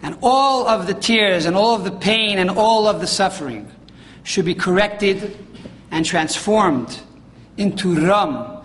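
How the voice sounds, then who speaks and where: A man with a high voice delivers a sermon, telling a story with emphatic, rising questions. His voice rings with a long hall reverb over a faint room hum. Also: lively intonation, unhurried, a bit bright.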